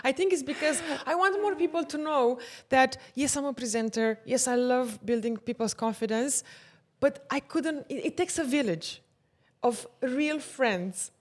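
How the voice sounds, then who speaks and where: A woman in her thirties hosting a podcast interview, giving warm heartfelt introductions and growing excitable when she retells stories. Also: high-pitched, unhurried, hardly any pauses. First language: not English. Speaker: podcast host.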